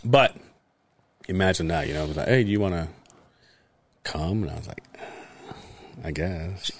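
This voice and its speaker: Low-voiced man telling stories with laughs. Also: fairly quick, no room sound. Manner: animated, laughs through his stories. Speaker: podcast co-host. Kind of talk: casual storytelling chat.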